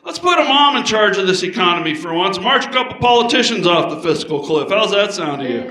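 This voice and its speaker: Guy doing standup, high bright voice, punchy storytelling, echoey room. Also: big pitch swings. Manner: storytelling with punchy delivery and quick voice changes for characters. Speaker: stand-up comedian. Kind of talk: stand-up comedy routine.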